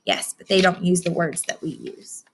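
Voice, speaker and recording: A woman teacher reading a picture book aloud to children, stopping to ask them questions and gently explain. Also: fairly low pitch, fairly even intonation, normal speed, noisy background.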